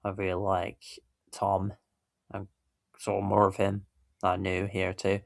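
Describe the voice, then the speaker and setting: Gravelly low-voiced man. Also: completely flat delivery, a little slow, no room sound, clean studio sound. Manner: rambling, self-correcting, chuckling. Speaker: YouTube reaction host. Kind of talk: casual reaction commentary.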